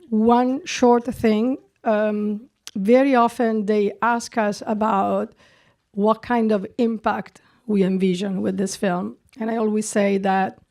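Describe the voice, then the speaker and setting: A woman's voice: mid-range voice, a little mellow. A woman from Italy speaks English with a strong Italian accent. She is middle-aged and earnest, and she often restarts phrases as she answers questions at a festival. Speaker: film director.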